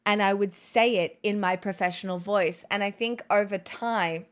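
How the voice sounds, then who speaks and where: A woman's voice: medium pitch, steady tone, moderate pace, clear, resonant tone. Young woman, live streamer, casual rambling chat, self-mocking, swears a lot, desk mic at home. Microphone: studio mic at desk.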